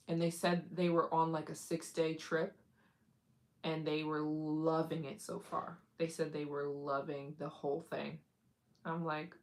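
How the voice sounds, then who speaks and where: At a normal speed and in a low, steady voice, this woman runs a casual live stream as a travel vlogger. She's chatty and addresses her audience head-on, giggling often and performing others' words in put-on voices.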